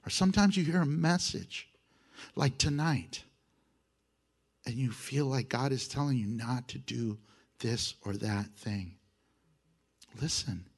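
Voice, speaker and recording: A man preaching a sermon, exhorting his listeners with animated emphasis and chuckles. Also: fairly high pitch, breathy edge.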